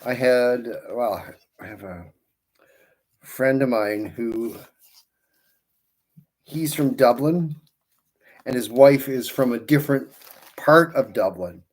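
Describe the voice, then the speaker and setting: A man hosting a live balloon-twisting stream who talks at an unhurried, slow pace in a middle-pitched voice. He greets viewers by name and drifts into rambling, friendly asides. He keeps working with his hands as he chats. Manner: works with his hands while talking. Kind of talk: casual livestream chat with viewers.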